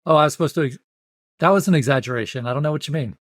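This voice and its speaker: A man's voice: a little high, rapid-fire, no echo, studio quality. A man with a Southern US accent, a laid-back, self-deprecating guest host in casual podcast chat.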